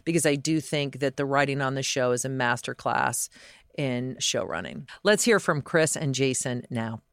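A man's voice: medium pitch, animated, moderate pace, gravelly, fairly bright tone, clear, resonant tone, no room sound, studio quality. A man hosting a podcast, talking enthusiastically and conversationally about a show's award nominations. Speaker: podcast host. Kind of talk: scripted podcast commentary.

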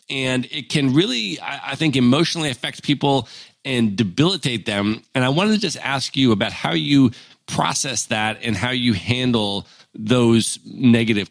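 A man hosting a podcast, asking questions in an earnest, measured way. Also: mid-range voice, gravelly, a bit bright, dry recording. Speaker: podcast host. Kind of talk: interview questions.

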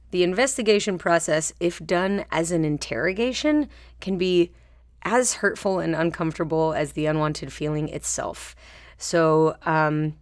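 Low-voiced woman podcaster, gentle and dry. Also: dry recording. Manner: gentle, self-compassionate, playful imagery with soft laughs. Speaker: podcast host. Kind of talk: reflective solo podcast talk.

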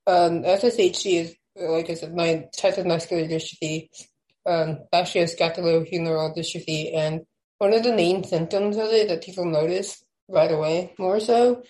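A young woman, a podcast guest, chatting casually and then reading her own poem aloud with slow, measured stresses. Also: lowish voice, steady tone, dark tone, low-quality recording. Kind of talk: casual chat and poetry reading.

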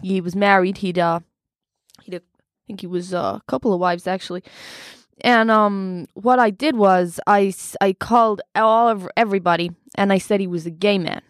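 A woman's voice: medium pitch, fairly even intonation, normal speed, no room sound, studio quality, lightly acted. A woman playing a brash, boastful American male self-help mentor who rambles with many fillers. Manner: rambling, cocky, full of fillers. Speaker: studio guest. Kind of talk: improvised comedy role-play.

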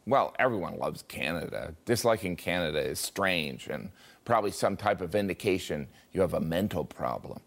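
An American man giving scripted comic commentary, wry and deadpan, with mock-voiced asides. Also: sits low, moderate pace, vocal fry. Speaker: comedy commentator.

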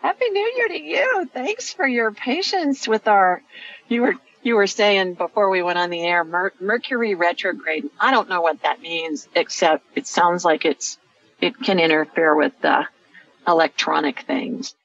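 A woman's voice: lowish voice, animated, measured pace, fairly bright tone, highs cut off. A woman hosting a live call-in radio show. She talks soothingly and explains each step as she goes. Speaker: radio show host and energy healer.

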